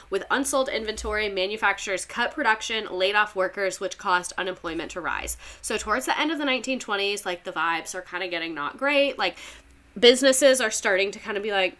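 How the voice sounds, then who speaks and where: A woman's voice: medium pitch, pushed and bright. A woman with a Missouri accent, a former teacher, giving a casual, profane history lesson and chatting with viewers. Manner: profane, chatty, with asides to the chat.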